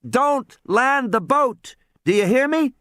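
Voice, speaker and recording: A man's voice: very high voice, animated, slow pace, fairly bright tone, dry recording, studio quality, pitched above the performer's own voice, exaggerated voice. A man doing a frantic young boy on a radio. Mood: urgent.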